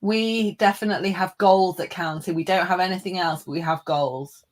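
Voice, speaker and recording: A woman's voice: on the low side, moderate pace. A woman co-hosting a casual football watchalong chat, chatty and self-deprecating. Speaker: podcast co-host.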